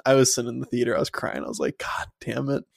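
A man with a gravelly, rough-edged voice talks through a film review in loose, excited podcast chat. He circles back and restarts as he gushes like a devoted fan. The sound is dry and close, with no room around it. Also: medium pitch, racing, dry recording. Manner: enthusiastic fan, rambling with restarts. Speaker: podcast co-host. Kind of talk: casual movie review chat.

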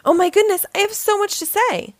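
A woman reading a storybook, voicing a chatty, cheerful little girl with a bright, eager manner. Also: high-pitched, sing-song, normal speed, dry recording, clean studio sound, heavily acted. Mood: excited.

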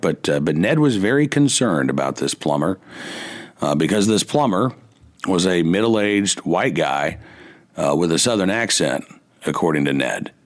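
A man hosting a radio talk show, musing in a halting way with many fillers, wry and indignant. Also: low voice. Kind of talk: casual radio monologue. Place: radio studio.

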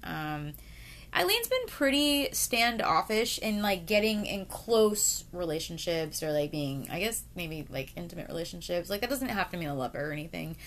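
A woman's voice: lowish voice, very animated, normal speed, a bit bright, slight background noise. A woman in her thirties telling a true crime story to camera in a casual, chatty way, full of fillers and swearing, and talking straight to her viewers. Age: 30s.

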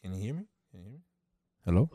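A man's voice: fairly low pitch, sing-song, racing, warm tone, no room sound. Casual man running a family call. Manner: emotional, coaxing, casual. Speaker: relative moderating a family call.

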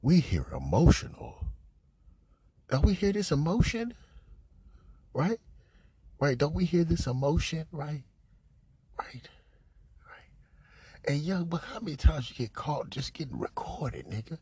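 A man giving casual, profane commentary on a recorded phone call, mocking, repetitive and animated, often laughing and coughing. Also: a little high, moderate pace, long pauses, slightly rough, dry recording. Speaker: commentator reacting to a leaked call.

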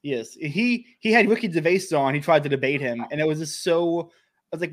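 A man from the United States hosts a relaxed reaction chat, his voice sitting a touch higher than most men's. He jokes constantly, leans hard on his points and mocks himself freely. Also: moderate pace. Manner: joking, emphatic, self-mocking. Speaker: host.

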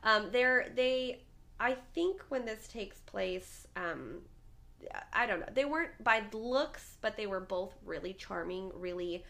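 Woman, podcast host: rambling casual true-crime storyteller with a creaky, gravelly edge. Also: medium pitch, expressive, slow pace, fairly bright tone. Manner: chatty, rambling, many fillers and restarts.

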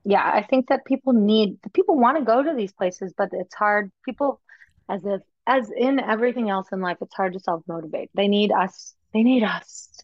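A woman co-hosts a food podcast in relaxed, chatty talk and is quick with short reactions. Her voice sits at a middle pitch. The recording is dry and dull, with a lo-fi edge. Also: no room sound. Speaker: podcast co-host. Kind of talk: casual chat.

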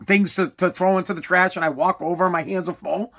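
Exasperated high-voiced man ranting. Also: steady tone, normal speed, a bit bright. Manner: exasperated, profane, repeats himself. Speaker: father ranting. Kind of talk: casual comedic rant.

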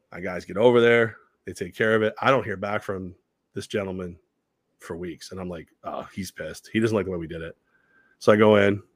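Man, sports radio co-host, lowish voice, dry close sound, casual, animated, swearing a bit. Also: no echo. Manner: animated storyteller, swings loud and quiet, swears casually. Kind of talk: casual sports talk with live ad reads.

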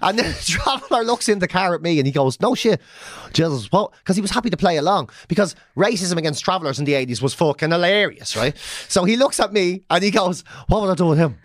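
A man's voice: high-pitched, fast talker, few pauses, no room sound, studio quality. A man in his forties with a Dublin accent, telling a comic story full of swearing and checking in with "right?". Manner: swearing, animated, keeps asking "right?".

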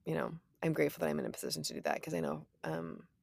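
A woman in her thirties co-hosts a podcast in an animated, playful way, full of "like" and "you know." Her voice sits low with a gravelly fry, and the sound is dry and close. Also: racing, dry recording. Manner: animated, playful, lots of fillers. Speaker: podcast co-host. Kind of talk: casual chat.

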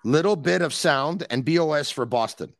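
A man hosting a call-in podcast, teasing his caller in a playful way with drawn-out emphasis. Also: fairly high pitch, no echo, studio quality. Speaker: podcast host. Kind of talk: casual call-in chat.

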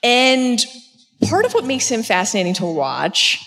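A woman's voice: a little high, very animated, measured pace, a bit bright, soft background music. A woman co-hosting a live podcast on stage, asking questions in a dry, wry way. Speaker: podcast co-host. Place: stage at a convention hall. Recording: live hall reverb.

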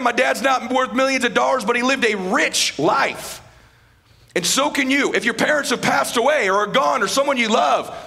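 A man speaks at a live event as a motivational speaker, his voice pitched high and bright with a gravelly fry. He talks with fervent conviction and drives points home by repeating them. His delivery has the sound of a speech given to a crowd. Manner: fervent, repeats phrases for emphasis.

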